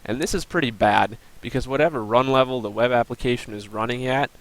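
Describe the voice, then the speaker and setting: A man's voice: mid-range voice, fast, a bit bright, rough recording. A young man giving a recorded class presentation, plainly explaining and walking through a screen demo with the odd um and uh. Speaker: student presenter.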